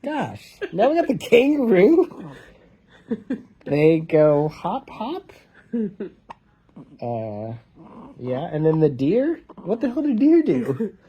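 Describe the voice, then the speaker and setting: A man's voice: fairly high pitch, wildly swooping pitch, slow pace, long pauses, dark tone, husky, muffled recording. A man reading a picture book aloud to his baby in a casual home video, joking about what noises the animals make.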